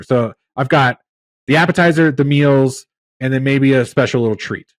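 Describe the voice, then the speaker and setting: A man's voice: medium pitch, moderate pace, a bit bright, no echo. A man hosting a podcast, telling long stories in a rambling, exasperated way during casual chat. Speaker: podcast host.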